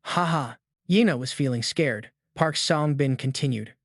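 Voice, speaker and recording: A man's voice: medium pitch, moderate pace, no room sound, studio quality. A man reading a recap story in a plain, scripted narration voice, playing every character the same way.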